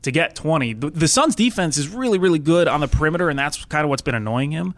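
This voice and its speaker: A man's voice: fairly high pitch, lively intonation, quick pace, no room sound. A man hosting a podcast, chatting casually about game picks and thinking aloud with frequent restarts. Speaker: podcast host. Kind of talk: casual sports betting chat.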